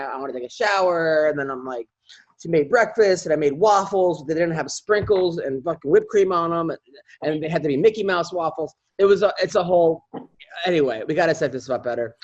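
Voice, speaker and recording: A man's voice: fairly high pitch, animated, quick pace. A middle-aged man co-hosting a comedy podcast, telling rambling everyday stories in a casual chat. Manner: rambling anecdotal storyteller. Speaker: podcast co-host. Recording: slightly dull lo-fi audio.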